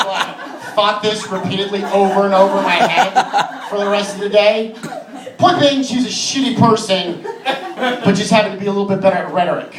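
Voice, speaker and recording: A man doing a stand-up set, telling a story in a rambling way with lots of "uh" fillers. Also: high voice. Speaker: stand-up comedian. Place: comedy club stage before a laughing audience. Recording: roomy, distant live club recording with crowd.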